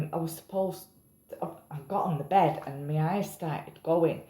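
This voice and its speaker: A woman's voice: deep voice, measured pace, reverberant, noisy background. A tired woman rambling in a casual vlog, self-mocking and swearing casually. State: tired after a night up. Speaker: vlogger.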